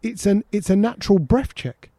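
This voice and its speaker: A man with a high, mellow voice hosts a loose studio chat, recorded dry and close. He tells self-mocking stories with frequent restarts. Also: expressive, moderate pace, dry recording. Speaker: show host. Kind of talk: casual studio banter.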